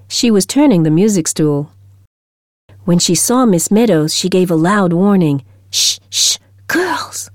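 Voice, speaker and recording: Slow, mellow woman narrating a story. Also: fairly low pitch, dry recording, studio quality. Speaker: audiobook narrator. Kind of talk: scripted narration of a short story.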